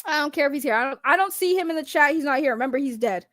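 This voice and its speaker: Blunt, high-voiced woman streamer ranting. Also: racing, fairly bright tone, no echo, clean studio sound. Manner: blunt, heavy swearing, talks straight to chat. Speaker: livestream commentary host. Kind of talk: ranting livestream commentary.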